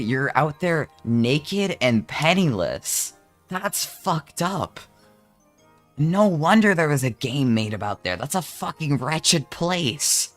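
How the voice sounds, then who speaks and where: A man's voice: on the high side, sing-song, slow pace, soft background music. A young man, chatting casually on a live stream in a rambling, profane, jokey way. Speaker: vtuber streamer.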